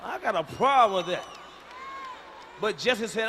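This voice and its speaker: Brash, profane stand-up comedian, bright voice, hollers often, live hall echo and faint crowd noise. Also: male voice, sits high, animated, unhurried. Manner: loud, profane, hollering bursts.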